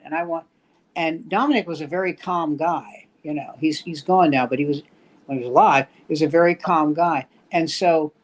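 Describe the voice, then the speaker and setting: This veteran standup comedian, an older man from New York, guests on a casual chat and spins wry, rambling stories. His voice sits on the high side.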